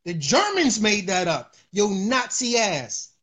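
High-pitched male streamer; loose, preachy riffing with filler words and repeats. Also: very animated, slow, fairly bright tone, breathy edge. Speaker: livestream host. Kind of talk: casual livestream monologue.

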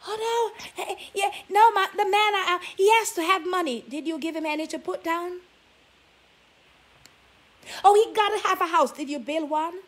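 A woman's voice: very high-pitched, normal speed. A woman vlogger giving relationship advice, scolding her listeners with sassy rhetorical questions. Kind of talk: preachy talk to camera.

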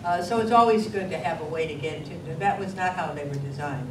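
An older American woman tells stories from her acting days at a convention Q&A, chatty and quick to laugh. Her voice sits on the lower side and comes from a distance, echoing through a big hall under loud background noise. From United States. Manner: chatty, anecdotal, laughs often. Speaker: panel guest, actress. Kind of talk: convention Q&A answer.

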